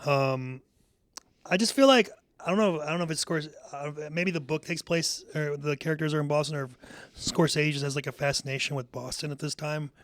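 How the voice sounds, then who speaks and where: A man's voice: fairly high pitch, fairly quick, no room sound. Rambling, hedging man on a podcast. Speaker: podcast co-host. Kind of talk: casual chat.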